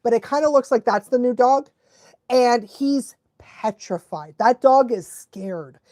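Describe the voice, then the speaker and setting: A young woman, a dog trainer, chatting casually on a live stream, excitable and animated, laughing often and sometimes losing her thread. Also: a little high, measured pace, no room sound. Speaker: dog trainer hosting a live watch-along.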